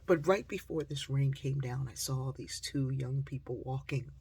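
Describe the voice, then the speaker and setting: A woman telling a story straight to her audience, lively and acting out the voices of the people in it. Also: a bass voice, normal speed, creaky, slightly rough. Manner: lively storyteller who acts out quoted voices.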